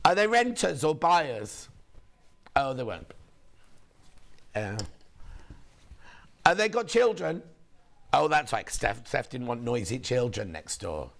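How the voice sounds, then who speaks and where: A hoarse man presenting on a shopping channel, chatting in a gossipy, rambling way between sales points. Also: mid-range voice, sing-song, slow, long pauses. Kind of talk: casual live sales chat.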